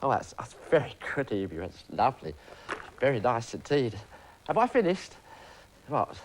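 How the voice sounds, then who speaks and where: A man's voice: medium pitch, sing-song, moderate pace, a little hiss or hum. A man presenting a children's TV show, chatting playfully and coaxingly. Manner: chatty, coaxing, talking to a puppet. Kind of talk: playful kids' show patter.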